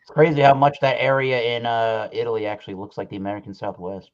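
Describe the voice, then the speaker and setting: Man from eastern Massachusetts, mid-pitched, easygoing co-host, muffled lo-fi audio. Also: fast talker. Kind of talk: casual chat.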